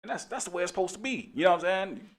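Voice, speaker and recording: A man's voice: sits high, animated, very fast. A middle-aged man, a police officer hosting a talk show, telling a casual story in a laid-back way and laughing often.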